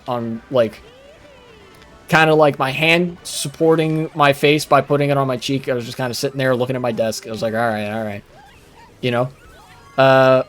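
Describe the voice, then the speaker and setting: A young man streaming live, telling a rambling, profane story with many fillers while he plays. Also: medium pitch. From United States.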